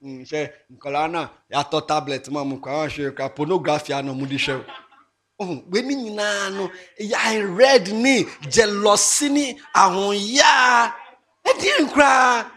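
A man giving a moral talk to students, animated and mixing English with local phrases, rising to emphatic shouts. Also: fairly high pitch, moderate pace. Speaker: speaker addressing students. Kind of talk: moral talk to young people.

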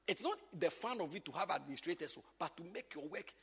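A man's voice: a little high, quick pace, gravelly, hardly any pauses, breathy edge, big-room sound. A man, teaching church workers in an emphatic, repetitive way. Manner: animated, emphatic, repeats points.

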